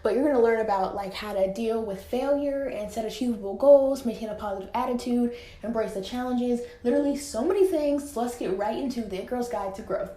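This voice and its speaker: A woman's voice: on the high side, fairly quick, few pauses, warm tone, echoey room. A teenage girl hosting her own podcast, chatting casually with lots of filler words. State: slightly out of breath. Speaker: podcast host. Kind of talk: casual solo podcast chat. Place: home room, indoors.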